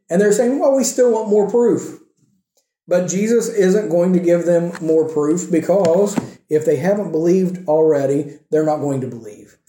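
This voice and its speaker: A man with a voice on the high side and a dark tone gives a conversational sermon, including scripture reading, in a church sanctuary. He checks in with the congregation as he preaches, and the audio carries an echoey room sound.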